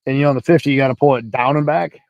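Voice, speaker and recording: A man telling a military story in casual talk, animated and profane, acting out the dialogue. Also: medium pitch, racing, gravelly, no room sound, lo-fi sound. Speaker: guest, military veteran.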